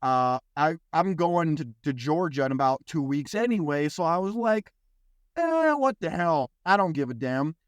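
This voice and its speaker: A young man hosting a podcast, telling a story in casual chat with loose swearing and quick impressions of other people. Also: on the high side, no echo. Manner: animated, swears freely, mimics others in quotes. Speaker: podcast host.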